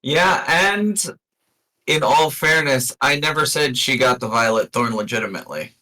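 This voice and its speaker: A man's voice: mid-range voice, lively intonation, normal speed, sharp tone, rough recording. A man playing in a tabletop game, making dry, sardonic remarks in character. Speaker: player.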